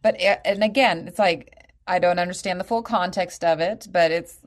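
A woman's voice: fairly low pitch, normal speed. A woman co-hosting a casual podcast, bantering and laughing often. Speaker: podcast co-host.

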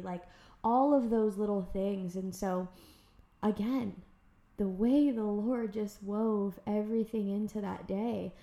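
Woman, podcast host, animated storytelling, casual chat, echoey room. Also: mid-range voice. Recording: roomy echo.

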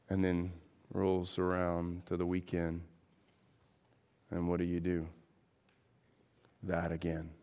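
A man's voice: steady tone, slow, pauses often. Emphatic preaching man. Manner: emphatic, swings from loud rising peaks to quiet low passages; asks the congregation rhetorical questions. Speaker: pastor. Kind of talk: sermon.

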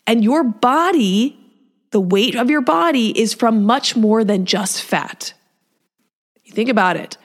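A woman fitness coach hosting a solo podcast, chatty, acting out what people say and stressing key words by slowing down. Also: on the high side, expressive. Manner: chatty, quotes people in asides, speeds up and slows for emphasis.

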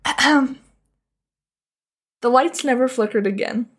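A woman's voice: sits high, unhurried, husky. A woman co-hosting a podcast, telling a rambling, profane, comic story in a casual chat. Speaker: podcast co-host.

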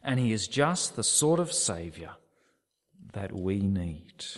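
A man's voice: fairly low pitch, big pitch swings, slow. A man preaching a sermon, reading scripture aloud with dramatic expression. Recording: long hall reverb.

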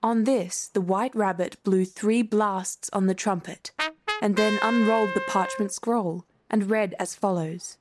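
A woman's voice: mid-range voice, steady tone, unhurried, music in the background. Woman reading a classic storybook. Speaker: audiobook narrator.

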